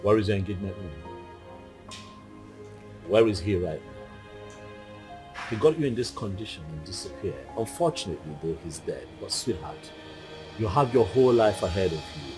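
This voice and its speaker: A lowish, expressive male voice: a devoted suitor in a film drama, softly coaxing and pleading. Gentle film music sits behind him. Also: moderate pace, long pauses. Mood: tender pleading. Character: earnest man courting a pregnant woman, tender and persistent. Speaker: actor in a Nigerian film.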